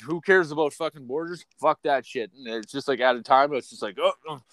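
Man, podcast host, profane, rambling, loud-then-quiet swings, middle pitch, dry close sound. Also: fairly quick, dry recording. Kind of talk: unfiltered casual rant.

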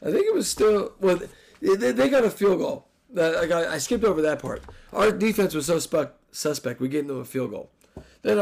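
Gravelly man ranting about football. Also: a little high, darkish tone. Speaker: podcast host. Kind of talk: solo sports recap podcast.

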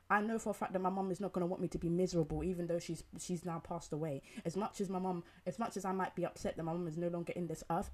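A woman's voice: on the low side, warm tone, husky. A young woman giving an emphatic opinion monologue, repeating herself and asking rhetorical questions. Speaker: commentator.

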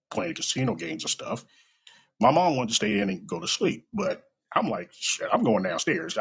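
Gravelly animated man telling a story. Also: mid-range voice. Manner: animated, swears freely, laughs often. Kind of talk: casual personal anecdote. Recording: dull lo-fi sound.

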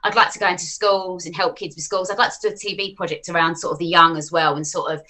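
A woman's voice: on the low side, steady tone, quick pace, pushed and bright. A woman, chatting frankly and animatedly as an interview guest about her work online. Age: 40s. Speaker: finance influencer guest. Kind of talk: casual interview chat.

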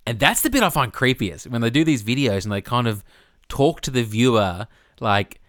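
A man's voice: mid-range voice, lively intonation, moderate pace, a bit bright, no echo, studio quality. A man co-hosting a podcast, chatty, explaining research and laughing often. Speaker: podcast co-host. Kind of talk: casual chat. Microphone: studio microphone.

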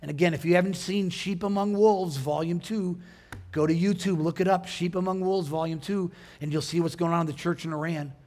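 Male pastor with a high voice, preaching in a conversational style and quizzing the congregation. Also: fairly even intonation, brisk, a little mellow. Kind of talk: sermon.

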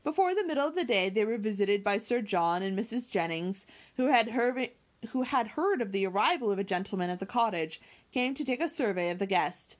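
A woman's voice: medium pitch, expressive, brisk. Woman, audiobook reader of a classic novel, stumbles now and then and corrects herself. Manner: occasional slips and self-corrections. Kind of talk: reading a classic novel aloud.

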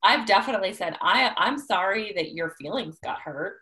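A woman's voice: mid-range voice, expressive, normal speed, sharp tone, a little hiss or hum. A woman co-hosting a casual chat, speaking candidly and reflectively about her own habits.

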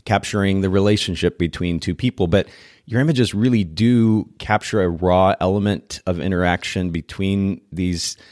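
A man's voice: sits low, moderate pace, a little mellow, no room sound, clean studio sound. A man hosting a podcast interview, talking in an effusive, casual way with frequent restarts. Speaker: podcast host.

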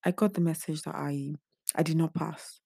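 Drained young woman vlogging, gravelly voice. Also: deep voice, steady tone, moderate pace, mellow, no room sound, studio quality. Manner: earnest and confiding, talks straight to viewers. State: emotionally drained. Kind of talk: candid personal vlog.

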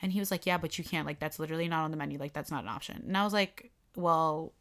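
A woman's voice: deep voice, fast talker. A young woman in casual conversation, animatedly retelling a bad day at work and acting out the quotes. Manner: animated, lots of "like", acts out quotes. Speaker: storyteller recounting a work incident. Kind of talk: casual chat.

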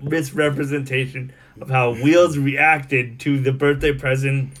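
A man's voice: mid-range voice, level tone, a little slow, fairly bright tone. A man on a podcast, dryly protesting that he is being misrepresented, in casual chat. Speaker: podcast regular. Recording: crowd noise behind.

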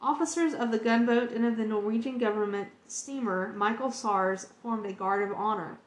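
A woman's voice: fairly high pitch, moderate pace, reverberant. A woman hosting a podcast, reading encyclopedia entries aloud in an earnest, heartfelt way. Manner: earnest, emotionally moved reading.

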